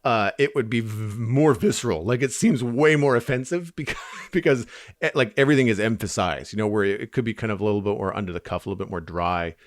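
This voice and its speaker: A man's voice: fairly low pitch, fast talker, no echo, studio quality. A man from Canada, co-hosting a casual podcast, reading listener mail and chatting easily. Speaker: podcast co-host.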